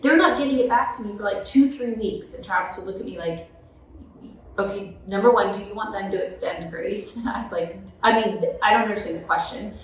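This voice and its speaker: Female author, 30s, animated storyteller, roomy echo and distant mic. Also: medium pitch, brisk. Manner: animated, tag questions like "right?". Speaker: author and guest. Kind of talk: conversational podcast storytelling. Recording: echoey room, mic at a distance.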